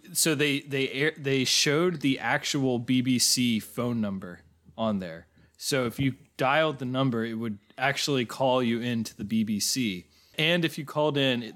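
A man's voice: medium pitch, a bit bright. Man musing aloud in casual chat. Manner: musing, thinks aloud with restarts. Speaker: podcast co-host.

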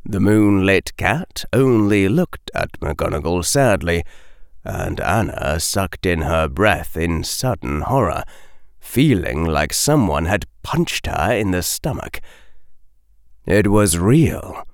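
Deep-voiced expressive male audiobook narrator. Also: slow, creaky, no echo, clean studio sound.

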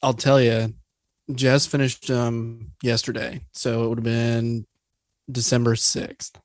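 A man's voice: medium pitch, flat delivery, slow, no room sound, clean studio sound. A man co-hosting a podcast, chatting casually and laughing at himself. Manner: laughing, self-deprecating. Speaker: podcast co-host. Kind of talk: casual chat.

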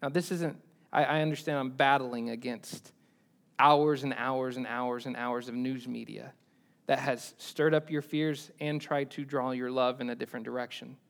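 A man preaching a sermon as pastor, swinging between loud emphatic peaks and quiet low asides, repeating key lines for emphasis. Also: fairly even intonation, normal speed, vocal fry.

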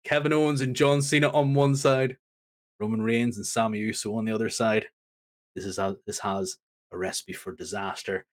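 A man's voice: fairly low pitch, moderate pace. A man co-hosting a podcast, recapping a wrestling show in casual chat with playful asides. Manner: animated storytelling with playful asides.

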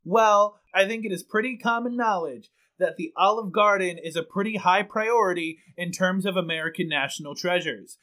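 A man's voice: high-pitched, moderate pace, few pauses, sharp tone. A man playing an earnest on-scene news correspondent in a comedy improv bit, with a mock-serious delivery.

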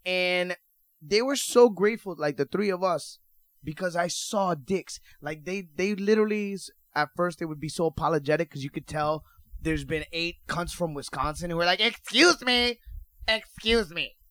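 A man with a somewhat high voice, bantering crudely with friends, teasing and swearing a lot. The recording is dry and close. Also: normal speed, a bit bright, dry recording. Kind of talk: casual chat.

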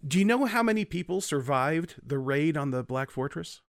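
A man in casual chat, telling puns with a deadpan delivery. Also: a little high, moderate pace.

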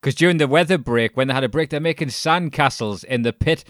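A man's voice: mid-range voice, fast talker, fairly bright tone, dry recording, studio quality. Blunt, sweary man on a podcast. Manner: blunt, sweary, laughs mid-sentence. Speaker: podcast co-host. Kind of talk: casual chat reviewing a documentary.

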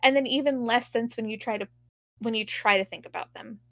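A woman's voice: on the high side, a little fast, a bit bright, no echo, studio quality. A woman in casual podcast chat, recapping an episode, acting out quotes and laughing often. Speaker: podcast co-host.

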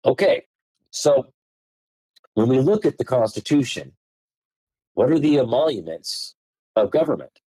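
A man lays out points of law in a lively, swooping voice, leaning hard on certain words so they stand out. His tone is mellow and a little husky, and the recording is close and dry. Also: mid-range voice, measured pace, pauses often, dry recording, poor audio. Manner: emphatic, hammers key words with tone changes. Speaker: guest. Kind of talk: explaining common law, reading statutes aloud.

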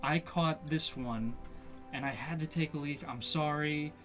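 A player as a smooth-talking con man in a tabletop game, rattling off quick excuses over background music. The voice sits at a middle pitch, close to the player's own. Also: lightly acted. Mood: wheedling. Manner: fast, fibbing excuses.

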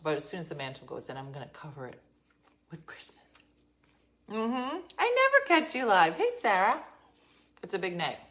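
A woman with a low-pitched voice talks to her viewers on a livestream from her home. She tells stories in a chatty, exasperated way, with quick asides. She is recorded on a phone. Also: big pitch swings, a little hiss or hum. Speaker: livestream host. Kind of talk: casual live chat with viewers. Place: her home, being renovated.

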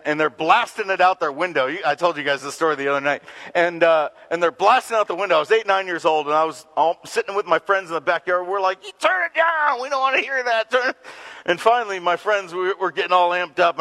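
High, bright-voiced pastor telling stories. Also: male voice, low-quality recording. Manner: animated storytelling with laughter and acted-out quotes. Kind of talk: sermon. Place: church gathering in a community center.

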